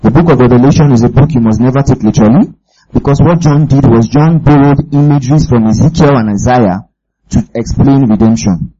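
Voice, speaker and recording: A man's voice: mid-range voice, brisk, dark tone, slightly rough, highs cut off. A man preaching a sermon with emphasis, often asking his listeners whether they follow.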